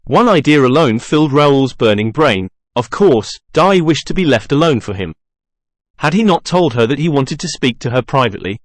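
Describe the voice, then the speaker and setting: A man reading a classic novel aloud as a narrator, in an even, measured way with little character acting. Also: medium pitch, no room sound, studio quality. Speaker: audiobook narrator. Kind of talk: scripted narration.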